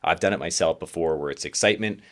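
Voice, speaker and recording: Podcast co-host from Canada, man, very low voice, candid rambling delivery. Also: quick pace, fairly bright tone. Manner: candid, rambling storytelling with many fillers. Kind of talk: casual podcast chat.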